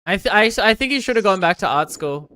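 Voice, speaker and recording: A young Australian woman from Victoria streams live, reading viewer comments and chatting casually with a sarcastic, joking edge and loud bursts of protest. Her voice is medium-pitched and expressive, and she talks fast.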